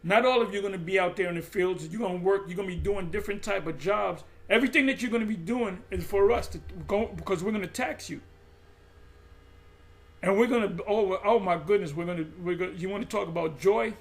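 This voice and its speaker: A man's voice: sits high, a little fast. A man preaching in an impassioned monologue, emphatic and repetitive, often stumbling and restarting mid-phrase. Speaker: religious group teacher.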